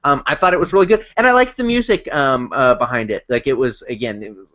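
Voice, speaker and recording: A man's voice: medium pitch, fast, fairly bright tone. A man co-hosting a podcast, rambling enthusiastically with lots of fillers in casual chat. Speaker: podcast co-host. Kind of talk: casual movie review chat. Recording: dull lo-fi podcast audio.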